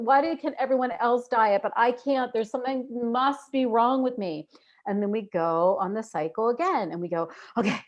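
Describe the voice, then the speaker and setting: A woman guest in a casual interview, earnest and reflective, who acts out inner voices with sudden jumps in pitch. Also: darkish tone.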